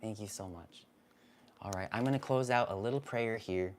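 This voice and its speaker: Soft-spoken man giving intuitive readings. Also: lowish voice, normal speed, a little hiss or hum. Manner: gentle, soothing, repeats himself. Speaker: spiritual card reader, live stream host. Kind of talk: live-streamed intuitive reading.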